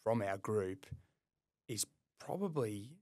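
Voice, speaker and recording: A man with an Australian accent in casual podcast chat, relaxed and self-deprecating, rambling with restarts. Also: lowish voice, takes it slowly, no room sound. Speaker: podcast co-host, plumbing business owner.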